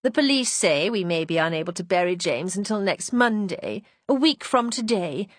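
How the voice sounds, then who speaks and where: A woman doing an older society lady, formal and entreating, lively rise and fall in her voice, dry close sound, audiobook reading. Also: medium pitch, normal speed, dry recording, natural voice. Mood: earnest pleading.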